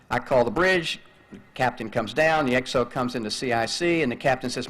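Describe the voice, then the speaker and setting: An older man giving a graduation speech, telling a personal story in an animated way and acting out radio calls. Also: mid-range voice, fairly quick. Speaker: commencement speaker.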